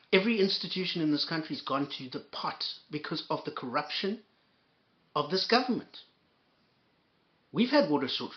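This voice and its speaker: Guy ranting and cussing on his commentary show, stammery, muffled audio. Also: fairly high pitch. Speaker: commentary host. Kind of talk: angry reaction commentary.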